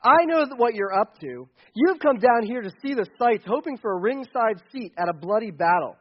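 A man's voice: extremely high pitch, animated, moderate pace. A man voicing a hot-tempered, scornful older brother who scolds and sneers. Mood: sneering. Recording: dull lo-fi recording.

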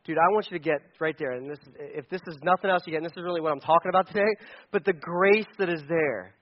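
Brief: male pastor, high voice, chatty sermon with casual asides, muffled lo-fi sound. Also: fast. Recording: dull lo-fi sound.

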